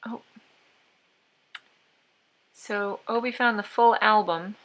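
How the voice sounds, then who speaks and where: A woman's voice: medium pitch, takes it slowly, fairly bright tone. A woman livestream host chatting casually to herself and her viewers while she draws. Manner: rambling, talks to herself while working. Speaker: livestream host drawing for patrons. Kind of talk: casual chat while drawing.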